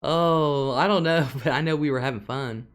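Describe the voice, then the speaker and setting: A middle-aged woman with a deep voice hosts a casual livestream at a moderate pace, reading out viewer comments. She's chatty, laughs frequently, and drawls some of her words.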